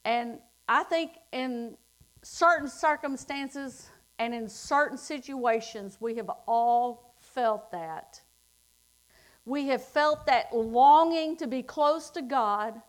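A middle-aged woman delivers a sermon in a high voice. She takes her time, drawing out the scripture lines and then pressing her points with emphatic force. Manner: slow, drawn-out scripture reading, rising to emphatic declarations. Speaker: preacher.

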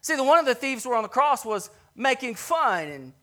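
A man preaching a sermon with passion, telling scripture stories in a conversational way and swinging from loud, emphatic peaks to hushed, soft lows. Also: sing-song, a little fast. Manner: storytelling, retells scripture scenes conversationally.

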